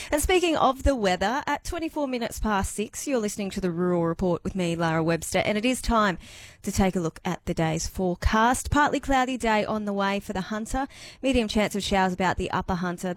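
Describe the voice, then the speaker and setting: An Australian woman presents rural radio news in a steady, scripted voice of middle pitch. She is close to a studio microphone, and the sound is dry. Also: no room sound. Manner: clear, steady, scripted delivery.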